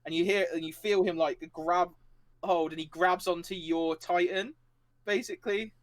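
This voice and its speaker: A man's voice: on the high side, level tone, moderate pace. A man narrating a tabletop game as game master, rambling with many fillers and laughing along. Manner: rambling, filler-heavy, laughing, acts out characters.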